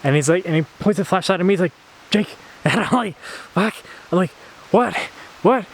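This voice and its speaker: Young man, high-pitched, casual storytelling, acts out quotes, frequent laughs. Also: very fast, a little hiss or hum. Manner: animated retelling, acts out quotes, laughs often. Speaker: vlogger.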